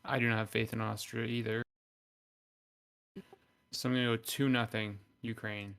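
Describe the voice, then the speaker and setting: A man with a fairly low, smooth voice on a dry online call. He hesitates and second-guesses himself as he speaks, in casual chat. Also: flat delivery, moderate pace, a bit bright, dry recording. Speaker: co-host.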